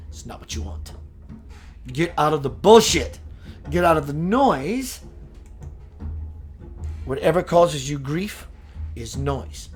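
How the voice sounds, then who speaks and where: Man on the higher side, hosts a spiritual livestream, reads chat, then slows into sermon-like talk, faint music under him. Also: big pitch swings. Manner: reads viewer comments, switches into slow preachy delivery. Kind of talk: live-streamed spiritual talk.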